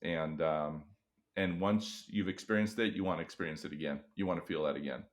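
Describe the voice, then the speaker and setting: A middle-aged man, an experienced educator, talking in a podcast interview and acting out tired teachers with big vocal swings. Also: brisk. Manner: animated storytelling, acts out weary teachers with big pitch jumps. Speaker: guest educator and author.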